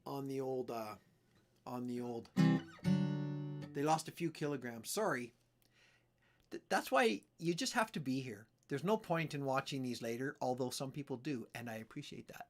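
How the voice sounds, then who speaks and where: A man from Canada chats loosely on a livestream, wandering from topic to topic with self-mocking asides. His pitch sits mid-range, and guitar music plays behind him. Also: normal speed. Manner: rambling, self-deprecating, jumps between topics. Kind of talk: casual livestream chat.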